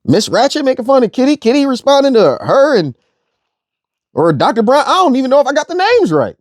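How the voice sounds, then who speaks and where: Heated, animated man ranting profanely. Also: very high voice, a little fast, no echo, studio quality. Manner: repeats phrases for emphasis. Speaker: online commentator. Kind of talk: ranting monologue.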